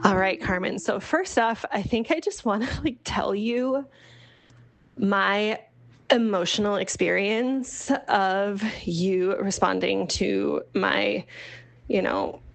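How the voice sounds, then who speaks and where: A woman hosting a podcast and talking in a casual voice-memo chat. She rambles with many fillers and restarts, and her voice is soft and sing-songy. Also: medium pitch, slow pace, gravelly. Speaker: podcast host.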